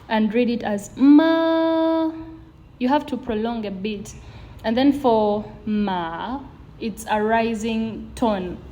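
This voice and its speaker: A woman hosting a video lesson, slowly and patiently drawing out example sounds to demonstrate tones. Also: fairly high pitch, warm tone. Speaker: language teacher.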